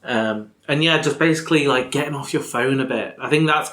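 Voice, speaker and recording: A man's voice: mid-range voice, brisk, fairly bright tone. A man hosting a podcast in casual chat, rambling with lots of fillers. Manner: chatty, rambling with many fillers. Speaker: podcast host. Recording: echoey room.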